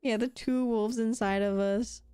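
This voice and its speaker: A young woman chats casually on a live stream while drawing, rambling and swearing lightly. Her voice sits a little high and sounds smooth and clean. Faint music plays underneath. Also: steady tone, measured pace, warm tone, dry recording. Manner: chatty, rambling with frequent "like" and laughs.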